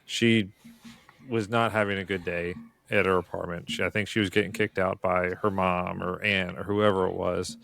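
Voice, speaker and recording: Brief: male paramedic on a podcast, very low voice with gravelly fry, calm storyteller. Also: normal speed. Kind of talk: casual podcast chat.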